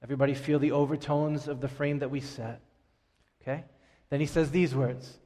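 A man's voice: medium pitch, fairly even intonation, normal speed. Preaching man in a reverberant hall. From Staten Island, New York. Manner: emphatic, drops to quiet on key words. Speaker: pastor. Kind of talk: sermon.

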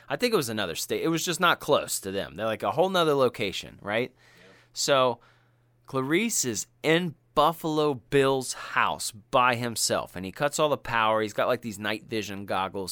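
A man's voice: mid-range voice, normal speed, no room sound. A man co-hosting a podcast, chatting casually and retelling a film with slang and profanity. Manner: animated and profane, slangy storytelling. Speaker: podcast co-host.

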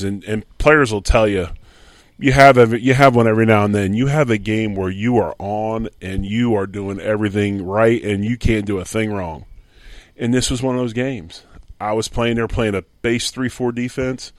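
A man's voice: on the low side, no echo. A middle-aged man from Philadelphia, a former football lineman, telling a story as a guest and acting out the dialogue. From Philadelphia, USA. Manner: animated storyteller who acts out quoted dialogue. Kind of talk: casual anecdotal storytelling.

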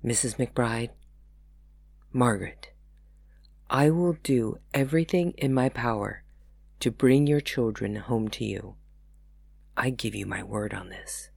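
A courteous, earnest gentleman speaks with old-fashioned formality, as a woman reading her story puts him on. His voice is close and dry, with no room around it. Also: rumbling low, normal speed, no room sound. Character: gallant, earnest male gentleman, courteous and apologetic.

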